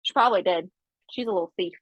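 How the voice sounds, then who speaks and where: A woman's voice: medium pitch, fast talker, dry recording, rough recording. A woman co-hosting a podcast, telling a funny story in casual chat with lots of asides. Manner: animated, chatty, with frequent asides. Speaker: podcast co-host.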